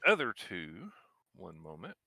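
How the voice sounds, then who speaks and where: A man running a tabletop game as game master, narrating scenes in a slow, measured way. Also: sits low, wildly swooping pitch, gravelly, bright, forceful tone, no room sound, clean studio sound.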